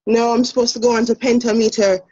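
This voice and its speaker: A woman's voice: on the high side, flat delivery, fast, mellow. Jamaican woman, teacher, step-by-step explaining, many ums, muffled lo-fi audio. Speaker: teacher presenting a lesson. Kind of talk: demo lesson presentation. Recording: dull lo-fi sound.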